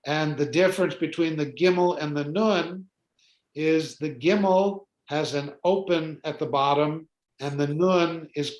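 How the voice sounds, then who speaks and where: Man teaching Hebrew letters, echoey room. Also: fairly high pitch. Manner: patient, sounds out letters slowly, tells jokes. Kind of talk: relaxed classroom teaching with jokes.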